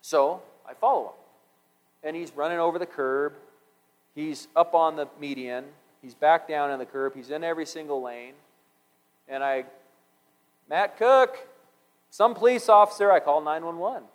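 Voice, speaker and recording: Animated male storyteller, slightly high voice. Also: moderate pace, poor audio. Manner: animated storyteller acting out dialogue. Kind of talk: storytelling sermon.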